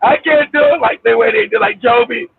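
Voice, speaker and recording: A man chatting casually on a call, animated, laughing often and repeating himself. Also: very high-pitched, fairly quick, gravelly. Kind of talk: casual chat. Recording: tinny phone line.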